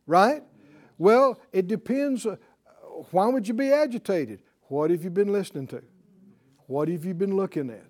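A man preaching a sermon in a lively way, laughing often and checking in with his listeners with "right?". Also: high voice, measured pace. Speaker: pastor.

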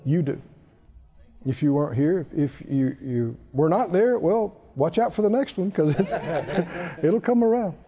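Delivering a sermon with emphasis and animation, a male pastor presses firmly on important phrases without hurrying. His high voice carries a dark, mellow, husky quality, captured on a dull, lo-fi recording.

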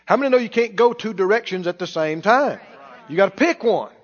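High-voiced male preacher in an echoing hall. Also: expressive, a little fast, dull audio. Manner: rhetorical questions to the congregation. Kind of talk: sermon.

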